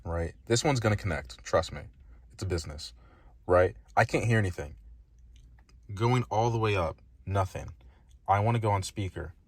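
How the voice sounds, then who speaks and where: A man's voice: sits low, normal speed, long pauses, husky, no room sound. A man giving a casual tech review, emphatic and frustrated, speaking bluntly.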